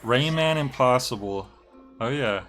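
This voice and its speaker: A man's voice: mid-range voice, animated, unhurried, a bit bright, faint music behind. A man giving casual gameplay commentary on a stream, joking and reacting to chat as he plays. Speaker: game streamer.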